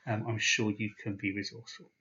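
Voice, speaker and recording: A man teaching a language lesson, patient and slow, pausing after each sound he spells out. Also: fairly low pitch, little pitch movement, bright, forceful tone, muffled recording. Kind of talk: explaining slowly, with pauses.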